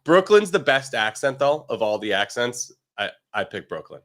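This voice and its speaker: A man appears as a guest trader on a markets show. He speaks bluntly and at a measured pace. His voice is mid-pitched. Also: sing-song, fairly bright tone. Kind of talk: casual chat.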